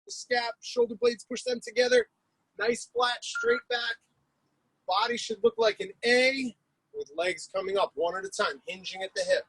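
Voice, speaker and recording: A man's voice: very high-pitched, lively intonation, normal speed, gravelly, a bit bright, husky, no room sound, low-quality recording. A man coaching a live-streamed workout class, calling out exercises, cues and countdowns with lots of energy. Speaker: fitness coach.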